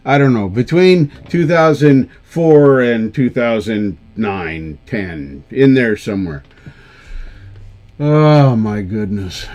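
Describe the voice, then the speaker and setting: A man's voice: mid-range voice, darkish tone. A man hosting a live karaoke stream, chatting casually with viewers in a rambling, self-deprecating way. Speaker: livestream karaoke show host.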